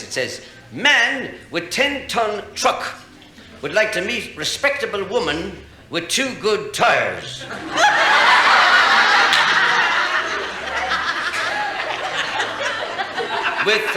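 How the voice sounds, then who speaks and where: An Irish man telling jokes on stage to a live audience, chatty and chuckling at his own punchlines. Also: on the high side. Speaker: stand-up comedian. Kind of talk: live stand-up storytelling. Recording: echoey live room, faint hiss.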